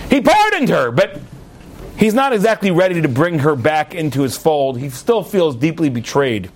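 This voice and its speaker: Male rabbi, sermon storyteller: lively, playful asides, leaps up in pitch for emphasis. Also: takes it slowly, long pauses, slight background noise. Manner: animated storyteller, jokey asides, sudden high emphatic swings. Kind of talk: sermon with a told parable.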